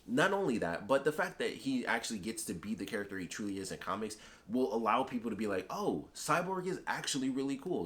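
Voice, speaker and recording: A man giving a casual, rambling spoken film review, enthusiastic and full of fillers. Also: fairly low pitch. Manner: rambling and enthusiastic, heavy on "like" and "you know". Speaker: YouTube movie reviewer.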